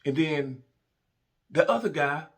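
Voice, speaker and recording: A middle-aged man, a former police officer, casually telling a story in an animated, colloquial way. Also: fairly high pitch, slow pace.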